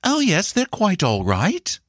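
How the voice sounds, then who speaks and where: A calm governess answers briskly and reassuringly in a raised voice, as a man reading a story puts her on. Her tone is lively, and the sound is dry and close. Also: high voice, no echo, voice pushed up, heavily acted. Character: calm, obliging governess, a woman.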